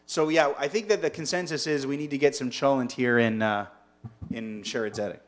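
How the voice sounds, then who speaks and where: A man's voice: mid-range voice, fairly quick. A man teaching as a rabbi in a casual online lunch-and-learn, chatty and digressive, often asking his listeners questions.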